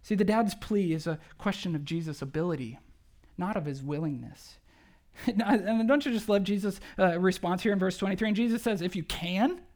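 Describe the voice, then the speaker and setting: A pastor preaching a sermon to a church in a conversational, animated way, often asking rhetorical questions. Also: mid-range voice, fairly quick. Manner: animated, acts out quoted speech.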